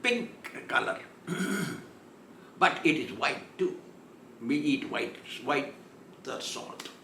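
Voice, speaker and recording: A man's voice: medium pitch, big pitch swings, slow, creaky, pushed and bright, a little hiss or hum. A man giving a storytelling sermon as a spiritual teacher, chuckling as he goes and acting out the voices in the story. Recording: echoey room.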